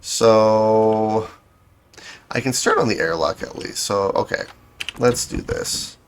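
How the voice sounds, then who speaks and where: A man's voice: on the low side, takes it slowly. A man giving casual gameplay commentary, thinking aloud as he builds, with a dry, self-correcting, sarcastic manner. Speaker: game streamer.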